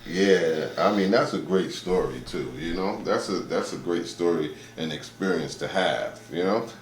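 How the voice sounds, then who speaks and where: Deep-voiced interviewer in an echoey room. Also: male voice, moderate pace, a little hiss or hum. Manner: brief, encouraging affirmations. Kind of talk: casual interview.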